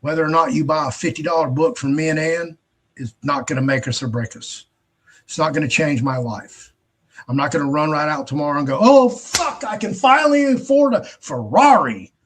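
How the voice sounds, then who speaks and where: A man's voice: on the high side, steady tone, fairly quick, fairly bright tone. A man hosting his own show in a casual, rambling monologue, blunt and heavy on profanity. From United States. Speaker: host.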